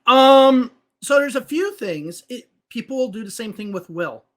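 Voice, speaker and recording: A man's voice: extremely high pitch, lively intonation, moderate pace, a bit bright. A man who is a native English speaker and works as an English teacher, patiently explaining grammar with spoken examples in a podcast conversation.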